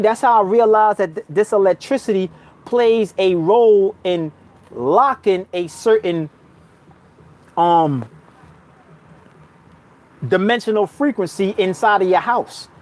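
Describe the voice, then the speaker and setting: A man with a New York accent tells a spiritual story in a casual, slang-heavy monologue, calling the listener son and bruh. His pitch leaps around in lively swings, and he shifts from loud outbursts to low murmurs. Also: measured pace, long pauses. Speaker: spiritual vlogger.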